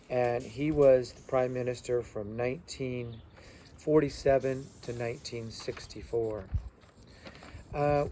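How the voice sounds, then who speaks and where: A man's voice: mid-range voice, mellow, a little hiss or hum. A male teacher giving a loose review lecture full of fillers, stopping to spell out terms letter by letter. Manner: loose, halting delivery with many fillers.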